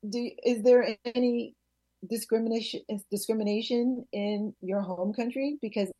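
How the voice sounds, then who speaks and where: A woman's voice: on the high side, fairly even intonation, normal speed, dark tone, dry recording. Hesitant woman interviewer, dry sound. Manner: hesitant, searching for words. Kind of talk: casual interview.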